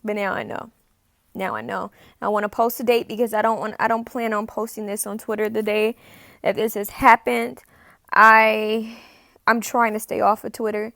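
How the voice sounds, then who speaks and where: Woman with a gravelly, fried voice. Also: mid-range voice, little pitch movement, a bit bright, no echo, studio quality. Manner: halting, repeats phrases, drops to near-whispers. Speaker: self-described spirit medium. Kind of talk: casual confessional video monologue. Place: at home.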